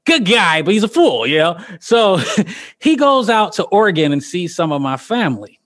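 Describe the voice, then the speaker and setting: A woman in her thirties, a podcast guest telling stories in casual chat, animated and profane, laughing often. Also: lowish voice, moderate pace. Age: 30s.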